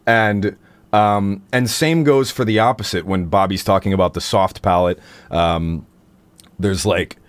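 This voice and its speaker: A man speaks at a measured pace in a dry recording as he hosts a casual livestream on singing technique. He rambles playfully, uses plenty of fillers, and slips into silly high voices for demonstrations. He is a singer and the stream's host.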